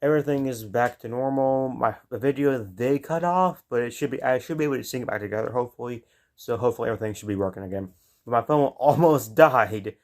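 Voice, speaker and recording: A man's voice: mid-range voice, quick pace. A young man hosting a reaction video, chatting casually and rambling with many restarts.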